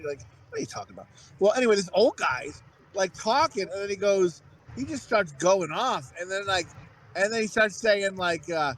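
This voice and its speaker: A man's voice: sits high, lively intonation, quick pace, a little hiss or hum. A man in his thirties, a podcast co-host, telling crude rambling stories in casual chat and acting out what people said. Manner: crude, rambling storytelling with acted-out quotes.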